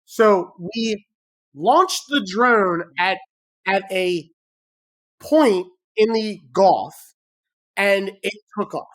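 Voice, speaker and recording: A woman's voice: mid-range voice, very slow, long pauses. A woman tells a story on a casual podcast, voicing each quote with gusto and plenty of swearing. Her voice sits in a middle register. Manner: animated, acts out quotes, swears freely. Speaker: podcast co-host.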